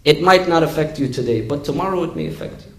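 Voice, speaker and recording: Male preacher, high voice, earnest, repeats himself for emphasis, sermon storytelling. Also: fast, vocal fry, a bit bright, poor audio. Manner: earnest, repeats key phrases, rising for emphasis. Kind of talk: sermon with a told fable.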